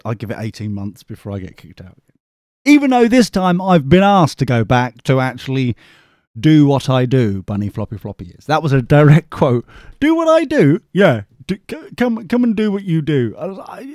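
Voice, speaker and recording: A man's voice: medium pitch, sing-song, brisk, darkish tone, no room sound, studio quality. A man hosting a podcast, rambling through a comic story with sarcastic asides to the listener. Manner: chatty, self-mocking, sarcastic asides to the listener. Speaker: podcast host.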